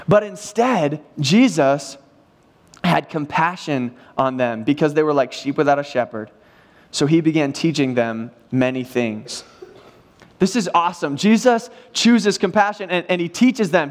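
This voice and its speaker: A man preaching a sermon in church, retelling a Bible story in a casual, animated way with acted-out quotes. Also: a little high. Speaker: pastor.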